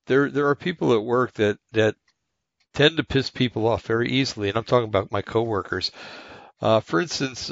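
Rambling low-voiced man in his sixties. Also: gravelly, dry recording. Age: 60s. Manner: rambling, many fillers and restarts. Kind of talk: casual monologue. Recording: dull lo-fi dry sound.

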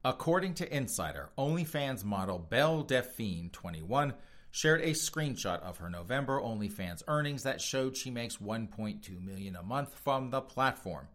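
Speaking at normal speed in an animated, medium-pitched, fairly bright voice, a podcast host delivers sarcastic, mocking commentary, laughing a lot and calling his listeners folks as he speaks straight to them.

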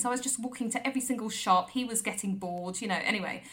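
A woman's voice: high voice, quick pace, few pauses, fairly bright tone. A woman co-hosting a comedy podcast, telling a rambling anecdote with lots of voiced quotes. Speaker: podcast co-host. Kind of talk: comic storytelling chat.

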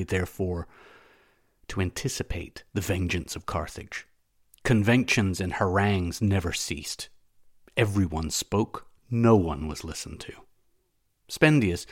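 A man narrating a classic novel as an audiobook, in a measured, steady reading. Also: lowish voice.

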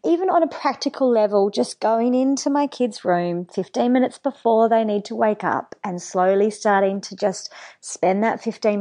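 A woman hosts a podcast interview, her voice at a middle pitch. She sounds effusive and affirming, thanking her guest warmly and adding soft murmurs of agreement. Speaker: podcast host.

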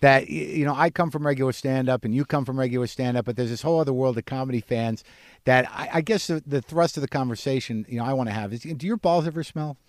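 A middle-aged man hosting a podcast, telling a candid comic story in a halting, confessional way full of fillers. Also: medium pitch, no echo, studio quality. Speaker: podcast host and comedian.

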